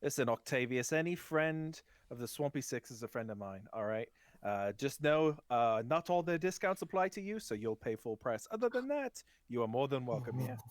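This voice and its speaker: A man voicing a flashy, jewel-covered male gnome shopkeeper who banters loudly with his customers. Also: medium pitch, very animated, normal speed, hardly any pauses, no room sound, studio quality, close to an everyday voice. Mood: wheeling and dealing. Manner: loud, chummy banter full of "mate", "lads" and "oi".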